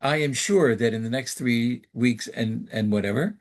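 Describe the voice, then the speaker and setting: A man's voice: mid-range voice, moderate pace. A man teaching an informal Torah class as a rabbi, telling stories in a conversational way with fillers and reflective rhetorical questions. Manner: conversational storytelling with frequent fillers.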